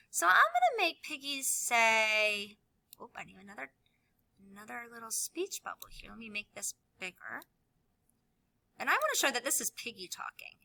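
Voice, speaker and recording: A woman teacher walking children through a tutorial in a sing-song voice, now and then dropping to a soft whisper. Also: fairly high pitch, gravelly. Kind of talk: screen-recorded classroom tutorial.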